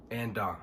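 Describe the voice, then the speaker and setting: Low-voiced man telling a hard story. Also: heavy background noise. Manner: low-key, halting, frequent restarts and throat clearing; blunt, swears freely. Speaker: storyteller recounting his past. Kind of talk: casual spoken storytelling.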